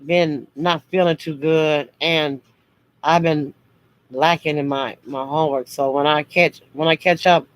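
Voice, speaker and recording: A woman's voice: low voice, fairly even intonation, a little slow, low-quality recording. A woman chatting casually on a livestream to her viewers. Her delivery comes across harsh and blunt. She still means it kindly. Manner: talks harshly and bluntly, as she says, but means no harm. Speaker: livestream host.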